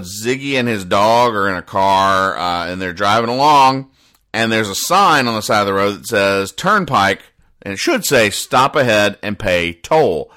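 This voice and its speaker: Reading out comic strips on his comedy show, this host riffs on them with self-mocking humor and breaks into acted lines now and then. He sounds animated and unhurried, with a pushed, bright voice on the low side.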